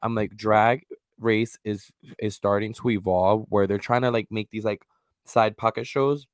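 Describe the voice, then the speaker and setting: Podcast co-host, male, lively and profane, close dry mic. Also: lowish voice, unhurried, dry recording. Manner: animated, profane, swings into loud mock voices. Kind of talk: casual chat.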